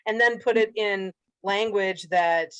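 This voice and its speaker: Casting note: woman of middle pitch, plain explainer on a casual video call. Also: a little slow, fairly bright tone, clean tone, no room sound, dull audio. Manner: explanatory, matter-of-fact. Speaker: podcast co-host. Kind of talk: casual group video chat.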